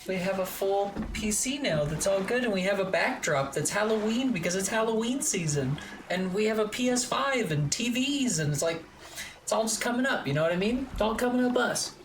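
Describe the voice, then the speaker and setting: A woman's voice: medium pitch, animated, moderate pace, background noise. A woman streamer chatting casually and rambling while she plays, swearing freely, from a home streaming room. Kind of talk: casual chat while gaming.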